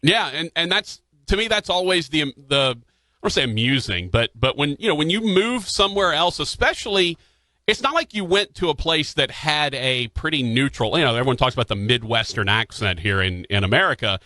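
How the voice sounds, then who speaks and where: A male radio host with a fairly high, bright voice talks casually into a dry studio microphone. He rambles and restarts his questions, leaning on fillers as he goes. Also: expressive, normal speed, no echo. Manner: chatty, frequent restarts and fillers.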